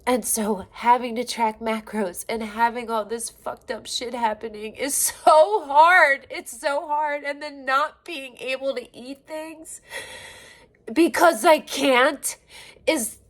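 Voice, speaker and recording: A woman in her forties venting in a personal video diary, raw and emotional, swearing often and breaking off mid-sentence. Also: high-pitched. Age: 40s. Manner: halting, restarts and trailing phrases. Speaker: vlogger.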